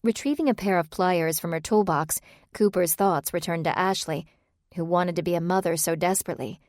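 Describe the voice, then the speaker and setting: With a voice on the low side, the woman reads her novel narration in a calm, even manner. The studio-quality recording has no echo.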